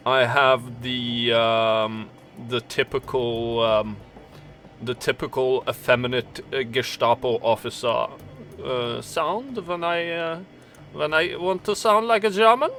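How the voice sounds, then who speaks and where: A man's voice: medium pitch, takes it slowly, pushed and bright, faint music behind. A man hosting a casual game stream, rambling with lots of fillers and poking fun at himself while reading game text aloud. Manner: rambling, self-mocking, many fillers. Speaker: streamer host.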